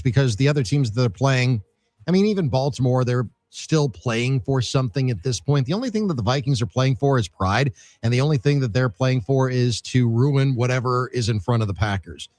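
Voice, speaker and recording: A male sports radio host at a mid-range pitch, talking casually and correcting himself on the fly. His voice sits dry and close on the studio mic, with no room sound around it. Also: a little mellow, no echo. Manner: conversational, quick to correct himself. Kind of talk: casual sports talk and fundraiser reads.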